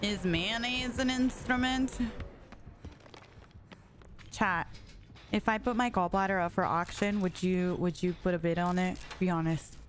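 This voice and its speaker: A woman's voice: lowish voice, fairly even intonation, a little slow, long pauses, faint music behind. A young woman streaming a game, chatting casually and reading messages from her chat with frequent giggles.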